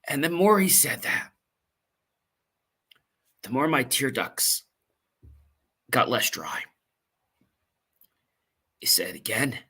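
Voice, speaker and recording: Earnest husky man telling a painful story. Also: medium pitch, sing-song, sharp tone. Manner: earnest, emotional, halting with fillers. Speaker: podcast host. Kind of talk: personal storytelling monologue.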